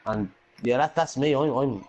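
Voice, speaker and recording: A man's voice: mid-range voice, moderate pace, darkish tone. Rambling, sweary Dublin Irishman. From Ireland. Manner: rambling, sweary, lots of "you know" and "bro". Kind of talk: casual voice-chat storytelling.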